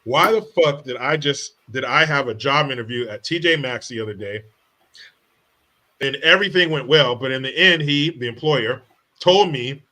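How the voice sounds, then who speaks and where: A man hosts a comedy podcast and rants with profane, mocking commentary. His voice is bright and forceful, pitched in the middle range for a man. He swears freely and scoffs at the things he discusses. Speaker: podcast host.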